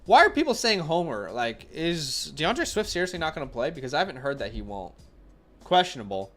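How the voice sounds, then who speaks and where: A man's voice: fairly high pitch, big pitch swings, fairly quick, fairly bright tone. A man hosting a casual live stream, answering viewer questions, thinking aloud with fillers and restarts, blunt in his opinions, with a runny nose. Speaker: fantasy football host answering viewer questions.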